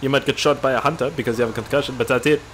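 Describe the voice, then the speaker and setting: A man's voice: medium pitch, steady tone, rapid-fire, fairly bright tone, a little hiss or hum, close to an everyday voice, low-quality recording. A man voicing a smug, taunting male deer with a mock German accent that sneers and gloats.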